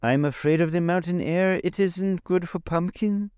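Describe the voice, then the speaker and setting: A man voicing a timid pumpkin-headed wooden man with a high, whining moan. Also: normal speed, a little mellow, smooth, no echo, studio quality, close to an everyday voice. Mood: fearful.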